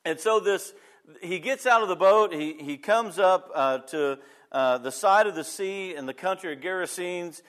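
A pastor telling a personal story in a sermon, conversational and talking straight to the congregation. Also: male voice, sits high, normal speed, a bit bright.

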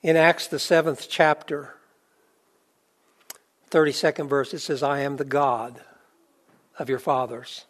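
A man preaching a conversational sermon, with filler words and restarts, who builds to emphatic peaks and then drops low and soft. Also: flat delivery, measured pace, pauses often. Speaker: pastor.

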